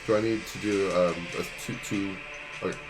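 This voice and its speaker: A man playing a tabletop game, talking in character in a hesitant, halting way. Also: low-pitched, steady tone, loud music behind the voice. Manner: hesitant, halting, with many fillers. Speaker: player.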